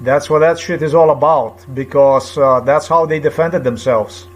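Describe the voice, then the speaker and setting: Agitated and indignant, a vlogger pitched fairly high rambles through a personal account, halting and repeating himself while searching for words.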